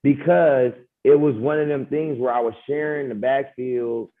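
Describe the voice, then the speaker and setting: A man's voice: medium pitch, fairly even intonation, normal speed, narrow, tinny audio. A man who is a podcast guest and former athlete, telling stories from school in emphatic casual chat. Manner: emphatic storyteller, calls listener "bro".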